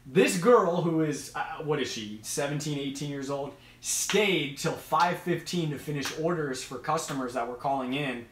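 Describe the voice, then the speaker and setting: A man's voice: on the high side, moderate pace, few pauses, roomy sound, slight background noise. A man hosting a casual live stream, talking with eager, rambling enthusiasm. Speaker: host of an aquarium live stream.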